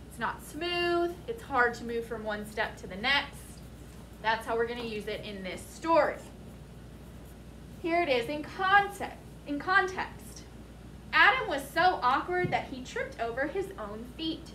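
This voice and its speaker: A woman teacher leading a vocabulary lesson for a class, speaking slowly and deliberately and spelling words out letter by letter. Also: high voice, bright, forceful tone, a little hiss or hum. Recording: echoey classroom, mic at a distance.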